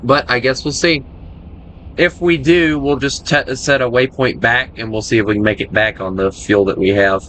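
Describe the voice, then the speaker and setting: A man's voice: medium pitch, moderate pace, fairly bright tone, slight background noise. An American man giving casual, joking commentary while he plays a flight game, chatting and rambling between moves. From United States. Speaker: gaming streamer.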